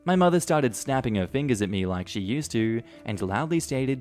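A man narrating a first-person story from an online forum in a steady, even-handed voice at a mid pitch. Faint music runs low underneath him. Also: moderate pace, hardly any pauses. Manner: steady, matter-of-fact storytelling. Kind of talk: scripted narration of online stories.

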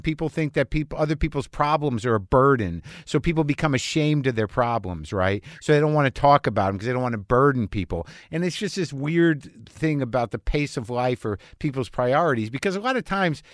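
A man's voice: on the high side, no echo, studio quality. A man hosting a podcast, talking frankly and reflectively in a casual interview, swearing now and then. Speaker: podcast host.

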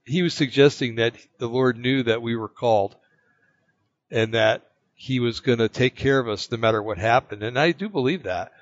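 A man from the United States telling a personal story in casual chat, rambling and halting, with many fillers and restarts. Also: medium pitch, dry recording. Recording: dull lo-fi, dry sound.

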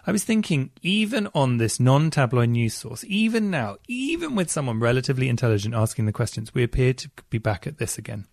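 A man co-hosting a podcast, reading listener emails in a casual chat with a playful, expressive manner. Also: medium pitch, brisk, vocal fry, few pauses, no echo, studio quality. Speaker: podcast co-host.

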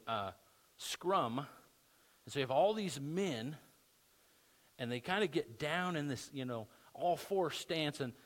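Male pastor, mid pitch, chatty sermon delivery with rising emphatic peaks. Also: fairly bright tone. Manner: conversational, builds to emphatic bursts.

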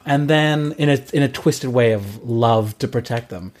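A man's voice: medium pitch, normal speed, darkish tone. A man co-hosting a podcast in casual chat, enthusiastic and swearing, quoting characters as he goes. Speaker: podcast co-host.

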